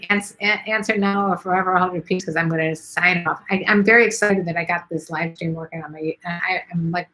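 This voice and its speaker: A middle-aged woman from Chicago, hosting a casual livestream and answering viewer questions in a chatty, blunt way with many fillers, her voice going hoarse. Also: on the low side, fairly bright tone, poor audio. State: losing her voice.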